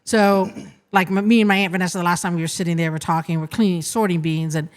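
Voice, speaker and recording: A woman's voice: fairly low pitch, fairly even intonation, fast talker. A woman guest on a podcast, chatting casually and explaining things with lots of "you know" and "like". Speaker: guest, restaurant co-manager. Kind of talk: casual interview chat.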